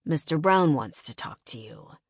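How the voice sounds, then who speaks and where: A woman voicing a steady male secret agent who speaks calmly and tersely in an audiobook. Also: deep voice, normal speed, gravelly, slightly rough, no room sound, studio quality, full character voice. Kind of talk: audiobook character voice.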